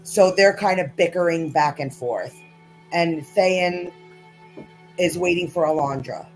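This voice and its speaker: A woman narrating as game master in a tabletop game, casual and halting with many fillers. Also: fairly low pitch, faint music behind, rough recording.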